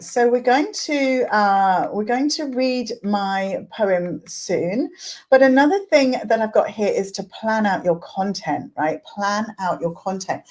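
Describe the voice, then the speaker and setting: A woman's voice: medium pitch, darkish tone. A woman tutor giving a chatty online lesson, often checking in with a questioning "right?", then reading a poem aloud. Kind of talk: casual teaching talk with a poetry reading.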